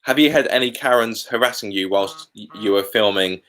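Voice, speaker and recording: A man's voice: lowish voice, brisk, a bit bright. A British man hosting a casual live Q&A from home, chatty and candid with colourful asides. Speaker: car YouTuber hosting a live Q&A.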